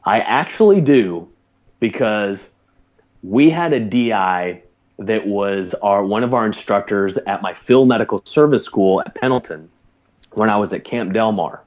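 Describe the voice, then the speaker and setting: A man's voice: fairly low pitch, measured pace, dull audio. Swearing man telling a war story. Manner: profane, animated anecdote telling with put-on quotes. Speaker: guest, former Navy corpsman. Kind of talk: casual podcast storytelling.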